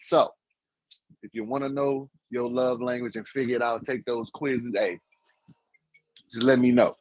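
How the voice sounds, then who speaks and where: A man hosting a live-stream talk show, chatting casually and joking with his co-host and the chat in a husky, laid-back voice. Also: mid-range voice, flat delivery, measured pace, no echo, low-quality recording.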